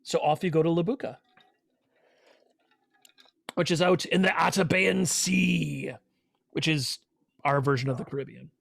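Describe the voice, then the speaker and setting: A man's voice: on the high side, fairly even intonation, measured pace, vocal fry, long pauses, a bit bright, no echo. Rambling game master man, dry sound. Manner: rambling, filler-heavy storytelling. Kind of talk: narrating a tabletop game.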